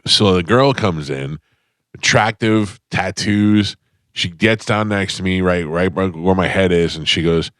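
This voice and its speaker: Deep-voiced man telling a rambling story. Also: normal speed, a bit bright, dry recording, clean studio sound. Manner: rambling comic storytelling, self-deprecating. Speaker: radio show host. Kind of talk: casual radio chat. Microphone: studio microphone.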